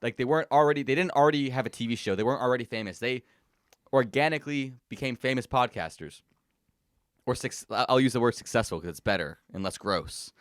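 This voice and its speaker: A man's voice: mid-range voice, no echo, studio quality. A young man co-hosting a casual comedy podcast, easygoing and profane. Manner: easygoing, casual, swears, quick agreeing. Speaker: podcast co-host.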